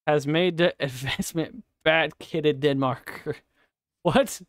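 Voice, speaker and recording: A man's voice: fairly high pitch, unhurried, clear, resonant tone. A man giving casual, profane live commentary while playing a game, chatting to himself and his viewers. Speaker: streamer.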